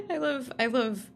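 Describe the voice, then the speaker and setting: A woman's voice: high-pitched, gravelly, a bit bright. A woman streaming a game, chatting casually with viewers in a playful, teasing way and laughing often. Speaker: VTuber streamer. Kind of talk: casual live-stream chat.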